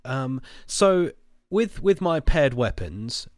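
A man playing a tabletop game who speaks slowly and thinks his moves through aloud. His voice is mid-pitched and sounds dry and close to the mic. He often pauses on ums before committing to an action. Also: sing-song, a little mellow, dry recording. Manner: unhurried, hesitant, weighs each move. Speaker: player. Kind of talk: casual tabletop game chat.

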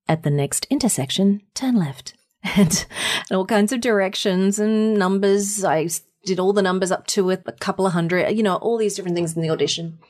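A woman with an Australian accent, a voiceover artist and singer, telling a story as a guest in an interview, animated and laughing as she acts out quotes. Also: mid-range voice. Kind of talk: conversational storytelling.

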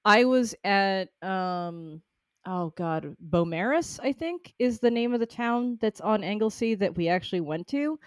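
A woman's voice: medium pitch, lively intonation, unhurried, no echo. A woman from New England, co-hosting a podcast, chatting casually and wryly with plenty of swearing. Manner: profane, wry, laughs at herself. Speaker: podcast co-host. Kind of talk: casual chat.

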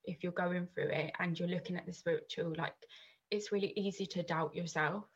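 A woman's voice: fairly low pitch, fairly even intonation, brisk, breathy edge, dull audio. A woman, chatting casually as a podcast guest, rambling with many restarts and fillers. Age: 30s.

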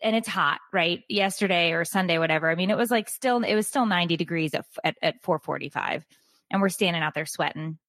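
A middle-aged podcast co-host tells a story with animation, acting out what people said in a casual storytelling chat. Her voice is on the low side and fairly bright, she talks a little fast, and there's no room sound.

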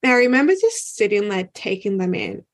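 A woman's voice: medium pitch, very animated, a little fast. A young woman, talking frankly as a guest, with lots of "like" and casual swearing. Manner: frank, heavy use of filler "like", casual swearing. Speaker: podcast guest. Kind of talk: candid conversational storytelling.

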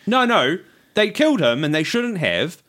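A man co-hosting a casual podcast, his voice a little higher than most. He tells stories with laughter and acts out the people in them. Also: big pitch swings, normal speed, a bit bright. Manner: storytelling, laughs a lot, acts out calls. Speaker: podcast co-host. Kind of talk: casual chat.

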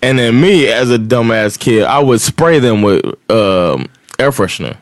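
A man's voice: mid-range voice, expressive, a little slow, no room sound. A man from Miami in his forties, a podcast co-host telling a story in a loose, profane way with frequent laughs. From Miami, USA. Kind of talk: casual storytelling.

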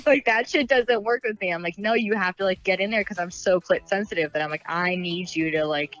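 A woman's voice: fairly low pitch, a little fast, lo-fi sound. A woman talking openly in a casual podcast chat, laughing often and acting out little quoted asides. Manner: frank, giggly, lots of fillers and acted asides.

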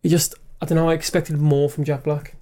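A man's voice: on the high side, level tone, fairly quick, warm tone. A man co-hosting a podcast, chatting casually and calling his co-host "mate". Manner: chatty, says "mate" a lot. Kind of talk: casual chat.

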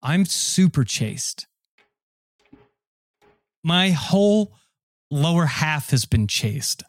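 Goofy male podcast co-host, slightly high voice, dry close sound. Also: big pitch swings, drawn-out words, dry recording. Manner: goofy, mock-announcer delivery. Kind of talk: comedic podcast banter.

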